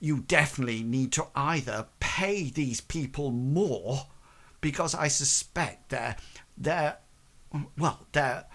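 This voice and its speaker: A man's voice: mid-range voice, fairly bright tone. A man voicing a vain, pompous female guild mistress who coldly scolds her guards.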